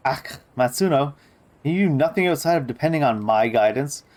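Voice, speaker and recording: A man voicing an eccentric, pompous woman singer in a video game, speaking in inverted word order and dropping in stray French words. He reads her lines slowly and a little lower than his own voice. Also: expressive, a little mellow, natural voice. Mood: grandiose.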